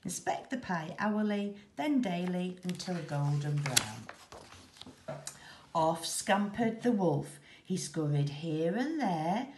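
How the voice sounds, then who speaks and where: Woman teacher, storybook read-aloud, slow, animated pitch, echoey room. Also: a little hiss or hum. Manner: slow, expressive, rhythmic reading.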